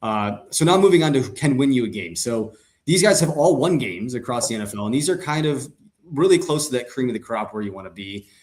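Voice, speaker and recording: Animated joking man talking football. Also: mid-range voice, fairly quick. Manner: animated, joking, many fillers and restarts. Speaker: podcast co-host. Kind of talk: casual sports chat.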